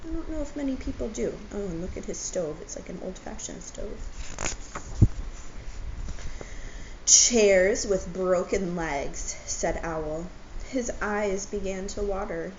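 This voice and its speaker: A woman's voice: medium pitch, lively intonation, moderate pace. A woman teacher reading a picture book aloud to children in a friendly way, stopping to explain words. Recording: dull lo-fi audio with faint noise.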